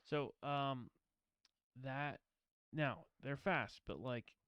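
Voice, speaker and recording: A man's voice: mid-range voice, extremely slow, a bit bright, smooth, no room sound, lo-fi sound. A man co-hosting a casual movie-breakdown podcast, asking wry questions and giving car-savvy commentary. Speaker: podcast co-host.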